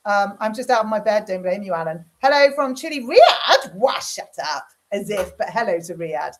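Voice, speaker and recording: A woman's voice: medium pitch, fairly even intonation, moderate pace, background noise. A middle-aged woman, chatting frankly with viewers and reading out their comments while she cooks dinner. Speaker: livestream host. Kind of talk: casual chat, answering viewer comments. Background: cooking dinner while talking.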